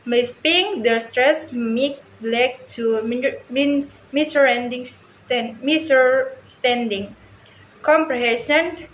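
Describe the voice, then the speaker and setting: Slow, halting woman in an echoey room. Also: fairly high pitch. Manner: halting reading with frequent restarts and stumbles. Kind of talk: reading a prepared explanation. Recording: echoey room, faint background hiss.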